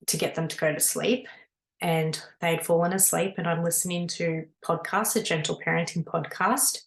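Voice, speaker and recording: A woman, a spiritual mentor, telling her own story in an earnest, animated way with lots of casual fillers. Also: fairly low pitch. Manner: earnest, animated, many "you know" fillers. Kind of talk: personal storytelling monologue. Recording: echoey room.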